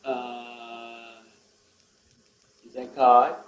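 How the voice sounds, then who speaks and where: A male student answers in short, unsure bits, speaking very slowly. He sounds distant, with a roomy echo around his voice. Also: medium pitch, completely flat delivery, dull audio. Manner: brief, tentative replies.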